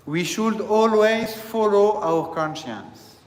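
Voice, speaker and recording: A man who serves as a priest, delivering a slow, deliberate teaching sermon and repeating phrases as he explains. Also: high voice. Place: church. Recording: echoey church hall, faint ambience.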